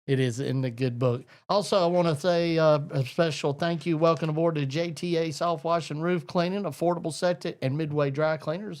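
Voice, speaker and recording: Folksy man hosting live talk. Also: on the high side. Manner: folksy, rambling, Southern "y'all". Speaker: host.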